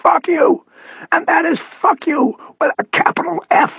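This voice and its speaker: A raspy, defiant paralyzed ex-cop. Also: male voice, a little slow, no echo, narrow, tinny audio, exaggerated voice. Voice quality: raspy, straining. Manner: high strained cries and shouts.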